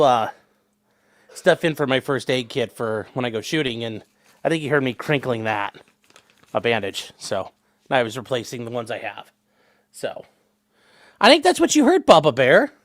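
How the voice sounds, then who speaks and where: A man hosting a casual livestream from home as a lawyer, rambling and chatty, breaking off to coo at his pets. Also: medium pitch. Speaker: attorney and livestream host.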